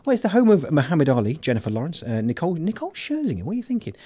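A male podcast host from England talks in a jokey, rambling way, full of fillers. His voice is mellow and a little husky, and his pitch swings a lot. It sounds close and dry. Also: huge pitch swings, very fast, no echo. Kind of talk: casual chat.

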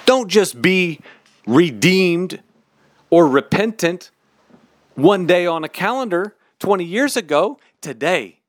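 Animated slow-preaching man. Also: sits high, no echo. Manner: animated, emphatic, candid. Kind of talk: sermon.

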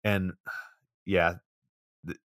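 A man's voice: low-pitched, little pitch movement, extremely slow, fairly bright tone, no echo. A man co-hosting a podcast, recapping a movie's plot in a dry, profane, casual way. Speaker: podcast co-host.

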